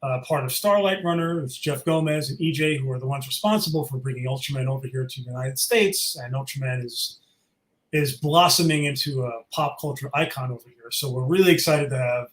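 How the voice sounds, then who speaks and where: A man's voice: medium pitch, fairly quick, a bit bright. Enthusiastic man in an echoey room. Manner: enthusiastic, rambling with fillers. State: sore throat, sucking a cough drop. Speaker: event organizer guest. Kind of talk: casual interview chat.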